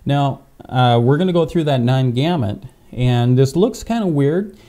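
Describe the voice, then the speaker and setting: A man's voice: mid-range voice, expressive, measured pace, mellow. A man, a pastor, teaching a tapping technique step by step, wearing a clip-on microphone and often checking in with "okay?". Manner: patient, step-by-step, frequent "okay?" check-ins. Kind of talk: instructional demonstration.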